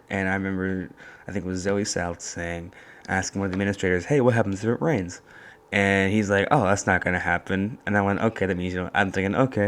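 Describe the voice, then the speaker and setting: A young man hosting a casual solo podcast from a college dorm room, talking in a soft, hushed voice and rambling through stories. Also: deep voice. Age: young adult. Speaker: podcast host.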